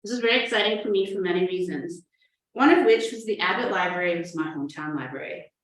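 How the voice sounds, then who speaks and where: Speaking at a quick pace in a voice on the low side, this woman delivers a prepared conference presentation as a librarian. She is from New Hampshire and tells stories earnestly with playful asides, recorded from a distant mic in a roomy, echoey space.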